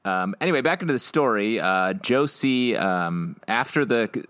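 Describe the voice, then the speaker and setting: A man with a low voice and a very lively, swinging pitch talks through an episode on a podcast. He teases his co-hosts. The recording is dry and close. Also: normal speed, dry recording. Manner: animated, teasing. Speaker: podcast co-host. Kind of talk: casual recap chat.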